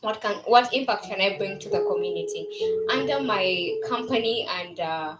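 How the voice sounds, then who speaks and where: A woman's voice: mid-range voice, moderate pace, very noisy. A woman in her twenties, a new business founder, giving an earnest launch event speech with frequent fillers and restarts. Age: 20s. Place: event venue. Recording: roomy venue with music and crowd behind.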